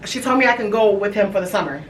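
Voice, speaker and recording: A woman in her thirties hosting a podcast, telling a personal family story in a candid, halting way with many fillers and restarts. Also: mid-range voice, lively intonation, distant mic. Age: 30s. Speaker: podcast host. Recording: echoey room, voice from off-mic, faint hiss.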